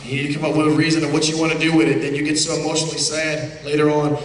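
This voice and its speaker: A stage hypnotist in a live comedy show fires brash, commanding, teasing patter at his volunteers. His voice sits on the high side, racing along in a totally flat delivery. It's captured from far off in a large, echoey hall, with crowd noise from the audience.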